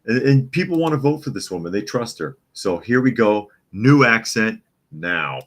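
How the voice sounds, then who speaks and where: A man's voice: on the low side, animated, normal speed, fairly bright tone. A male podcast host giving live news commentary, reading viewer comments aloud with scornful chuckles. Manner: mocking, chuckling while reading chat comments.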